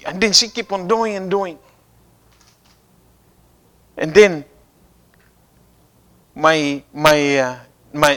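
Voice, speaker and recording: Male preacher, high voice, unhurried, prompts the congregation with questions. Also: a bit bright, poor audio. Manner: call-and-response questions to the congregation, repeating phrases. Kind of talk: sermon.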